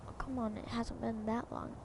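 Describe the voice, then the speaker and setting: A woman quietly reading a young daughter's lines aloud from a game, with a plain, flat delivery. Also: a little high, moderate pace, noisy background, lightly acted. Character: young woman calling her mother. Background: game music.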